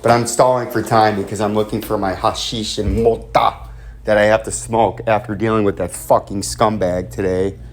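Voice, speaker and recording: Male crypto vlogger, lowish voice, rambling and profane. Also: level tone, normal speed, slight background noise. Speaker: crypto vlog host. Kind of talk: casual rambling vlog commentary.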